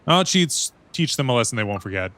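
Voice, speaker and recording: A man's voice: mid-range voice, sing-song, brisk, fairly bright tone, slight background noise. Joking male game streamer. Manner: joking, talks back to the game characters. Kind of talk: casual let's-play commentary. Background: game audio and music.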